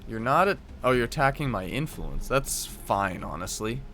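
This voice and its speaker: A man's voice: medium pitch, very animated, normal speed, pushed and bright, soft background music. A man live-streaming a card game, reading card text aloud and thinking through his moves, often stopping to correct himself. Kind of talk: live gameplay commentary.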